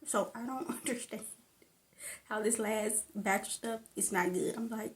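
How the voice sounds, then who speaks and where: A woman's voice: fairly high pitch, fairly even intonation, a little slow. A woman in casual chat about stand-up comedy, rambling off on tangents with frequent laughter. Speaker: vlogger.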